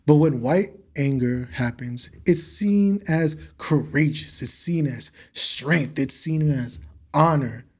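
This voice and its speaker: A young man with a fairly high-pitched voice delivers an impassioned podcast monologue. He talks bluntly and heatedly, swearing freely and hammering his points home through repetition. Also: mellow. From United States. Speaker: podcast host.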